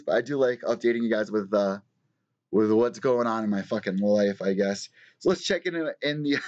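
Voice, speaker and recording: Host, male, mid-pitched, swears freely and wanders off topic, muffled stream audio. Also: darkish tone. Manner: profane, rambling storyteller. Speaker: host of a live news show. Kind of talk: casual live-stream chat.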